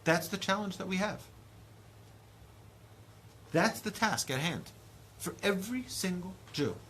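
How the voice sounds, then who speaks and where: A man in his thirties, a rabbi giving a lively Torah lecture, acting out dialogue with big swings in pitch and loudness. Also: unhurried, slight background noise. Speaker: rabbi teaching a class.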